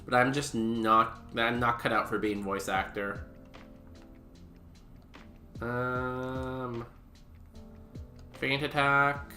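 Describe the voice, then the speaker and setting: A man's voice: mid-range voice, steady tone, extremely slow, pauses often, pushed and bright. A man streaming a game, chatting casually with goofy, self-mocking humor. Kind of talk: casual gameplay commentary. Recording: roomy echo with music behind.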